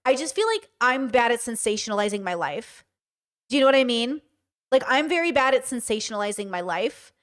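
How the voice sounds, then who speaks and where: A woman's voice: a little high, expressive, a little fast, a bit bright. A woman hosting a livestream, chatting casually about a video with lots of fillers and restarts. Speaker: streamer host.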